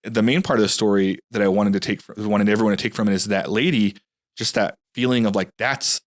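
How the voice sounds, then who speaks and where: Male podcast guest, low-pitched, rapid earnest storyteller, dry close sound. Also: fairly even intonation, no echo. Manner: earnest, rambling, with frequent restarts. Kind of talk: casual podcast conversation.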